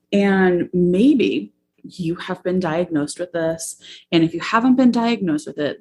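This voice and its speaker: A woman therapist in her thirties hosting a podcast, talking candidly and reflectively with many pauses and fillers. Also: deep voice, a little mellow, slightly rough. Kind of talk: personal podcast monologue.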